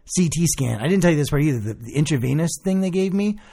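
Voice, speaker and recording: A young man telling a long story in casual chat, animated and swearing, acting out the people he quotes. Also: a little high, fast, vocal fry.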